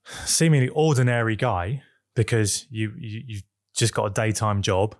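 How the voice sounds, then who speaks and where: A man with a somewhat low voice asks questions with frequent restarts and hesitations. The sound is dry and close to the mic. He comes across as an interview host feeling his way into the next question. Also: moderate pace, no room sound. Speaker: podcast host.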